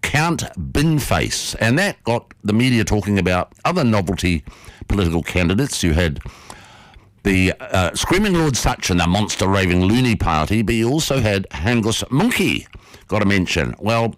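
Lively male radio host. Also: on the low side, moderate pace, dry recording. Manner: animated, playful storyteller. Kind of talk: radio storytelling and interview.

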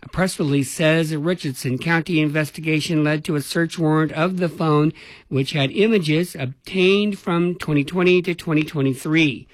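A man's voice: a little high, no room sound. Man reading radio news, dry studio sound. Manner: even, measured newsreader delivery. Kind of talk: read news bulletin.

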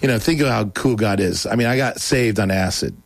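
A middle-aged man from Oregon telling his conversion story in a casual interview, animated and rambling, often restarting sentences and laughing as he talks. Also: fairly low pitch, a little fast, gravelly, no room sound.

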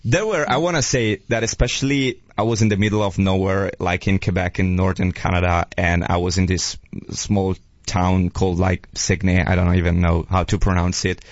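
Italian guy on the radio, kinda low voice, laughs a lot, dull dry sound. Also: fairly even intonation, moderate pace, dry recording. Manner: laughs often, repeats words while searching for English. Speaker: guest. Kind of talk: casual radio chat.

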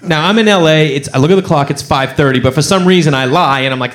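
A man doing stand-up comedy, telling a story and acting out every character's voice with animated swings. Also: fairly high pitch, fairly quick.

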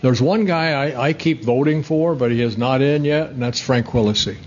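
A man's voice: mid-range voice, normal speed, slight background noise. An older man in his seventies spins long, meandering baseball stories as an interview guest. He restarts his sentences often and pokes fun at himself. The audio is a little dull and muffled. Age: 70s. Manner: rambling, self-deprecating, many restarts. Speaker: interview guest, former pitcher. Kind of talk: storytelling in a sports interview.

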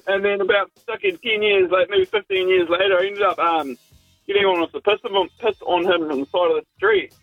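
A young man calls into a radio show, rambling and crude. His voice is high and swings around a lot, with a gravelly edge. The line is dull and dry. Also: very animated, normal speed, no room sound, soft background music. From New Zealand. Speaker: caller. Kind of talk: casual anecdote on talk radio.

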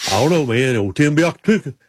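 A man's voice: medium pitch, lively intonation, quick pace, slightly rough, no room sound. A man imitating a laid-back male race-car driver with a hesitant, mumbling drawl.

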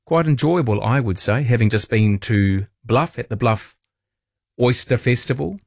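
A man's voice: mid-range voice, animated, normal speed, creaky, dry recording, studio quality. A man hosting a talkback radio show, chatting casually with playful, joking asides. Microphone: studio microphone.

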